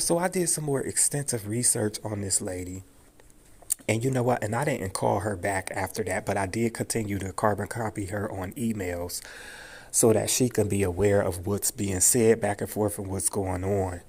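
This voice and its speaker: A man's voice: on the low side, moderate pace, creaky, husky. A man delivering a rambling, emphatic, profane monologue straight to his viewers. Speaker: vlogger airing grievances. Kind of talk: casual direct-to-camera monologue.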